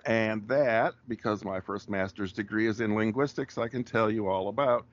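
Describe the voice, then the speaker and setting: A man with a rural Wisconsin accent, a guest explaining things in a measured way during a casual interview. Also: on the low side, no room sound, lo-fi sound.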